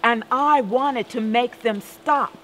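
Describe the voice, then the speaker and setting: A woman performing a spoken-word story with a deliberate, dramatic delivery and rhythmic repetition. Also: fairly high pitch, a bit bright, a little hiss or hum, low-quality recording.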